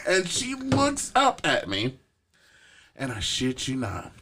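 A man hosting a podcast, telling a story in a slow, drawn-out way. His somewhat high voice rises and falls a great deal as he gets into it. The talk is casual and profane. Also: huge pitch swings, noisy background. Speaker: podcast host. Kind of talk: casual chat.

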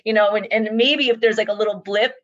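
A woman's voice: mid-range voice, steady tone, quick pace, no echo. Woman, hesitant and reflective. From United States. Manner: hesitant, many restarts and likes, reflective. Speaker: interview guest. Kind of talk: casual conversational interview. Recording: dull, slightly muffled dry sound.

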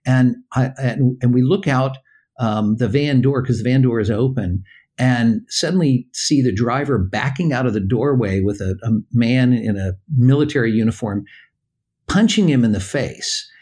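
A man's voice: medium pitch, slightly rough. Older American man telling a story. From United States. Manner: halting, animated storyteller who acts out dialogue. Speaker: guest. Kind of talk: casual interview storytelling.

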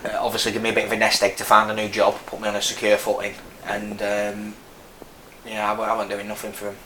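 This casual interview features an army veteran guest, a man in his thirties from Burnley, northern England, with a Lancashire accent. He talks fast in a lowish, monotone voice that sounds pushed and bright, rambling frankly through his story with many restarts. Faint noise hangs in the echoey room.

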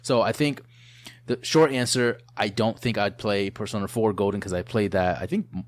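A man's voice: on the low side, moderate pace, no room sound. A man in his thirties co-hosting a casual chat, rambling with lots of fillers and restarts. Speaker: podcast co-host.

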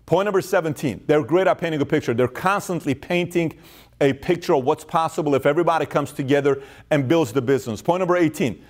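A man giving a motivational business talk, emphatic, acting out quoted inner voices. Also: fairly high pitch. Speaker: host.

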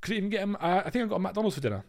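A man's voice: sits high, very fast. A young man co-hosting a casual podcast chat, telling a story with lots of swearing and acted-out voices. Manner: animated storyteller, swears freely, acts out voices. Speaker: podcast co-host.

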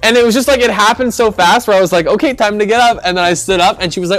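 A man's voice: high voice, racing, a bit bright, faint music behind. A young man co-hosting a podcast, telling an embarrassing story in a rambling, self-mocking way with lots of laughing. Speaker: podcast co-host. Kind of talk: casual storytelling chat.

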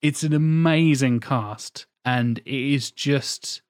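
A man's voice: medium pitch, slow, smooth, no room sound, clean studio sound. A man in his thirties from England chatting casually about films on a podcast, rambling and swearing with enthusiasm. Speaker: podcast host. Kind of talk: casual film chat.

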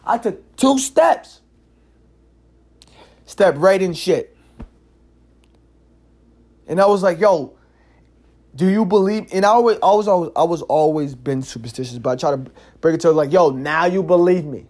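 A man hosting a casual solo podcast, telling stories in an animated, slangy way, cursing freely and filling his talk with "yo" and "like". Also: fairly high pitch, normal speed, long pauses. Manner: animated, slangy storytelling with frequent "yo" and "like"; curses freely. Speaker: podcast host.

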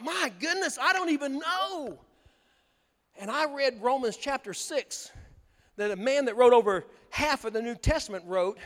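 A man's voice: extremely high pitch, fairly bright tone. A male pastor, preaching a sermon in a folksy, emphatic way in a church sanctuary. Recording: long hall reverb.

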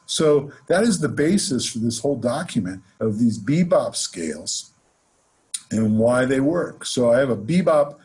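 A man gives a jazz lesson, explaining scales in an easy, relaxed way. His voice is very smooth and resonant at a middle pitch, and he counts off the beats before each example. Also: unhurried. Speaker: jazz music teacher. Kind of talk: instructional lesson with playing examples.

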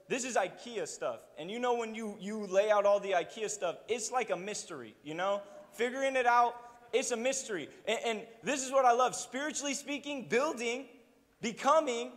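A young pastor preaching with a very high voice, keeping his sermon loose and funny with plenty of asides to the room. His words trail off into a long, ringing reverb from the church sanctuary. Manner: casual, humorous preaching with asides.

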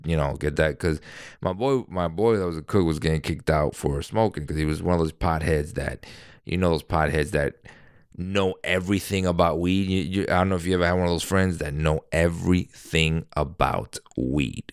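Low-voiced man rambling through a story. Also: clear, resonant tone, no room sound, clean studio sound. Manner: rambling, profane, frequent self-corrections. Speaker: podcaster. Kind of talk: casual storytelling. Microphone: podcast microphone.

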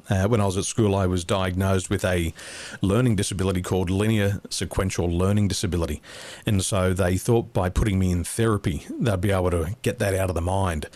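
Deep-voiced Australian man telling his story. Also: no room sound. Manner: relaxed, anecdotal, chuckles at his own jokes. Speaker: guest, business coach. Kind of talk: interview storytelling.

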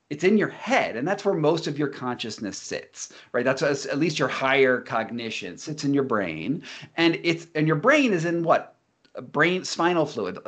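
A man explaining ideas in casual talk, animated and often repeating words as he restarts. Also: medium pitch.

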